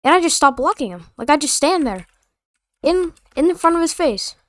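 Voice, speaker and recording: A woman's voice: high voice, very animated, moderate pace, no echo. A young woman telling a story in a casual, rambling, slangy and sarcastic way. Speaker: vlogger.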